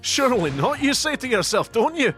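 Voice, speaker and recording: A man's voice: very high voice, very animated, a little fast, fairly bright tone, faint music behind, pitched above the performer's own voice, exaggerated voice. A man doing a sheepish Scottish surgeon. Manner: hesitant, sheepish, stammering. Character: bumbling male surgeon juror, anxious, sheepish.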